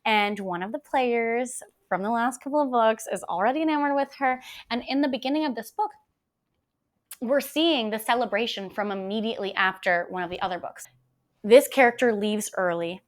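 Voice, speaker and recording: A woman hosting a casual book podcast, talking in a gushing, emotional way and often repeating herself. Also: a little high. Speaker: podcast host. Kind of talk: casual book review chat.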